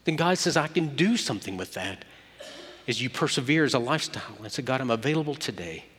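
A man preaching a sermon, moving between loud emphatic peaks and hushed quiet passages. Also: mid-range voice, lively intonation, fairly quick. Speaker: pastor. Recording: long hall reverb.

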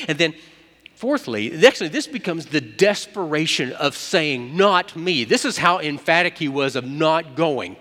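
A man preaching a sermon, moving between loud emphatic peaks and hushed quiet passages. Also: on the high side, very animated, normal speed. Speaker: pastor. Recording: long hall reverb.

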